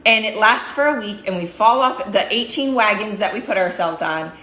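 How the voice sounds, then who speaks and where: Her medium-pitched voice is bright and forceful, with lively intonation at a normal speed. A woman coach is hammering points through repetition in an emphatic motivational talk to her followers, recorded in a roomy, echoey space.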